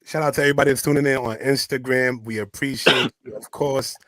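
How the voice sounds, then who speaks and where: A man hosting a radio show, talking in a hyped, slangy, energetic way. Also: medium pitch, fast talker, no room sound. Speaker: radio host. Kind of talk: casual interview chat.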